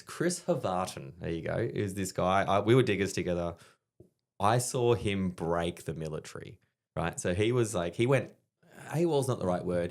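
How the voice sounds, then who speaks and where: An Australian man, a comedian and army veteran, telling animated, profanity-laced stories as a podcast guest, laughing as he goes. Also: low voice. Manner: animated, profane, laughs through his anecdotes. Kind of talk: casual podcast storytelling.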